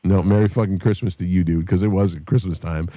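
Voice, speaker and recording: A man telling a profane story on a casual podcast, animated and loud in the telling. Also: low voice, a little fast, no room sound. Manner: animated storyteller, shouts when acting out others.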